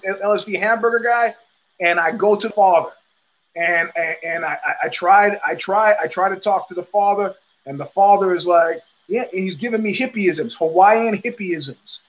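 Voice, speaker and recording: High-voiced man telling a wild story. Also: normal speed, low-quality recording. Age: middle-aged. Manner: profane, animated storyteller acting out quotes. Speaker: host. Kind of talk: storytelling monologue.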